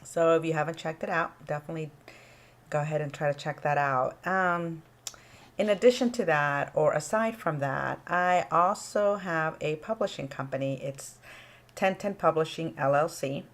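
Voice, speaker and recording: A woman who is an author and runs a small publishing company, casually explaining publishing to her viewers at an unhurried pace with frequent ums and pauses. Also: sits low. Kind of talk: casual informational talk to camera.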